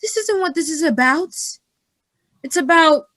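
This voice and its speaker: A woman's voice: very high voice, lively intonation, a little slow, a bit bright, heavily acted. A woman playing a blunt, directive actor who leads a rehearsal in a stage play. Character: bossy female actor leading the rehearsal.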